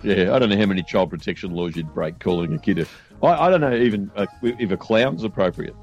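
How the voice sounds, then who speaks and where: A man's voice: low voice, animated, quick pace, a little mellow, dull audio, faint music behind. A man, a radio host telling an exasperated story about coaching a lazy swimmer. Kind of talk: comedic radio banter.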